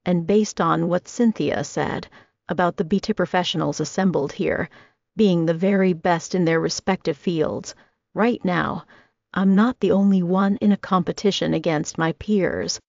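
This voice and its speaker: Woman in her twenties, low gravelly voice, steady first-person audiobook read. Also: unhurried, no echo. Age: 20s. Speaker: audiobook narrator. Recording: dry, slightly dull audio.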